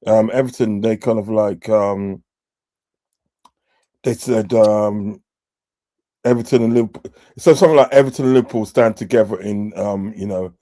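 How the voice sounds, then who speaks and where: This is a man in casual football chat, rambling and full of fillers, with a low, dark, mellow voice. The sound is dry and close, with no room around it. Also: fairly even intonation, normal speed, long pauses, no room sound. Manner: rambling, many fillers and restarts, swears. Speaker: podcast host.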